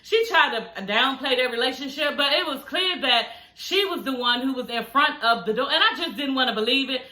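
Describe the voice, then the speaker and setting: Woman vlogger at home recapping reality tv, slangy and lively, bit slurry from new aligners, echoey room. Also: sits high, brisk. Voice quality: slightly slurred speech from new dental aligners. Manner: animated and slangy, laughs often. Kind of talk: casual recap chat.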